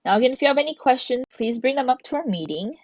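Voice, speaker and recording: A woman's voice: high-pitched, expressive, quick pace, darkish tone, no room sound. A woman teacher giving a recorded grammar lesson, patiently explaining step by step and reading examples aloud. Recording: dull, dry lo-fi sound.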